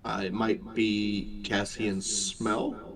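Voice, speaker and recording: A man narrating as game master at a live tabletop game, measured and descriptive, with an occasional uh or um. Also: lowish voice, flat delivery, gravelly. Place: convention gaming floor. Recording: noisy convention hall crowd.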